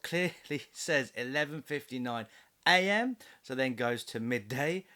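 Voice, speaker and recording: A man's voice: medium pitch, a bit bright. A man doing a comedic voice-over review of a film, sarcastic and mocking, with frequent laughs.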